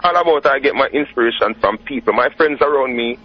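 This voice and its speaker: A Jamaican dancehall artist talking casually as an interview guest, relaxed and often asking "you know what I mean". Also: male voice, medium pitch, quick pace, slightly rough. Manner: laid-back, says "you know what I mean" a lot. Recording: dull lo-fi radio recording.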